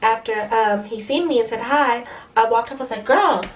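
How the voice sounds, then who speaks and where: A young woman telling a story in a fast, profane, animated way, with a stuffy nose. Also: fairly high pitch, far from the mic, slight background noise. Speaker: vlogger. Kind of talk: casual storytime.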